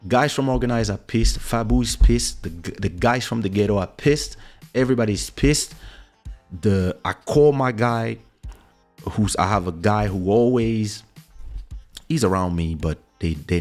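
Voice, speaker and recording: A man with a low voice tells a personal story as host of his own show. He is animated and jumps into other people's voices as he goes. Faint music plays under his close podcast mic. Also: measured pace. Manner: animated, acts out quoted voices. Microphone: studio podcast mic.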